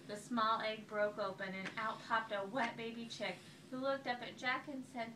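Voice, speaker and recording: A woman reading a picture book aloud to a child at home, with slow, expressive storytelling. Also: a little high. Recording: echoey room, far from the mic, faint hiss.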